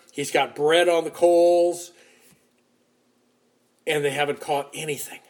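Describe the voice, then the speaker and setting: A man preaching a sermon, retelling a Bible story in a lively storytelling manner with shifting loudness. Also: a little high. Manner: animated storytelling, shifting loudness, acts out quotes.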